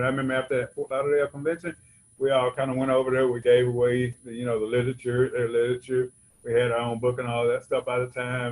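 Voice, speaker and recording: A man from Georgia, with a mid-range voice, tells his personal story at a recovery convention from a convention hall stage. His delivery is rambling and conversational, peppered with "you know what I'm saying," and the recording sounds rough.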